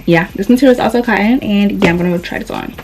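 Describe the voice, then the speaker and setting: A young woman talking her viewers through a clothing haul in a loose, rambling way. She sounds slightly out of breath, and her voice sits at an ordinary middle pitch. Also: quick pace, gravelly, darkish tone, soft background music. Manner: chatty, rambling, addresses viewers as y'all. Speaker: vlogger.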